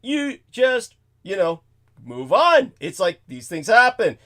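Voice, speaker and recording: A man's voice: high voice, big pitch swings, takes it slowly, bright, forceful tone. A man hosting a talk show, telling a story in a profane, exasperated rant that swings between mutters and outbursts. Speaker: show host. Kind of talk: ranting storytelling monologue.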